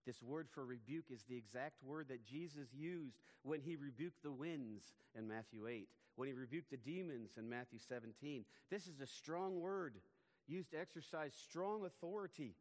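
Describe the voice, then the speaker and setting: A pastor preaching a sermon, earnest and emphatic. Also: male voice, mid-range voice, expressive, normal speed, darkish tone. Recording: long hall reverb.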